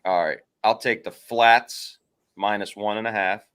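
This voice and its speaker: A man's voice: fairly low pitch, fairly even intonation, a little slow, fairly bright tone, smooth. A man co-hosting a casual sports betting show, giving his picks with playful, mock-indignant banter.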